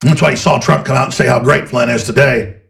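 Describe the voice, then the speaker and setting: Gravelly, heated man ranting. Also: mid-range voice, steady tone, fairly quick, a bit bright. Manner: heated, sarcastic, mocking voices of opponents. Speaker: political commentator. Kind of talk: ranting political monologue.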